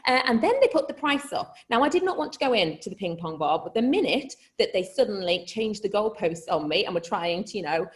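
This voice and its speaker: Speaking at medium pitch with brisk, expressive delivery and hardly a pause, a Liverpool woman with a Scouse accent tells a comic story to a live audience. She's chatty and pokes fun at herself, laughing mid-sentence and swearing freely.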